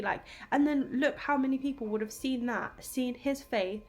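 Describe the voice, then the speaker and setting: A young woman chatting casually in a home vlog, animated and emotional, full of fillers. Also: high-pitched, normal speed, few pauses. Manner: animated, emotional, lots of fillers like "like" and "I don't know". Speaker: vlogger. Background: washing machine running.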